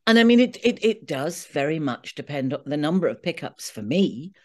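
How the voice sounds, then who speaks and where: A woman's voice: sits low, big pitch swings, moderate pace. A middle-aged British woman, an audiobook narrator, chatting casually and animatedly about her work. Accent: British English. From Britain. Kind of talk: casual chat.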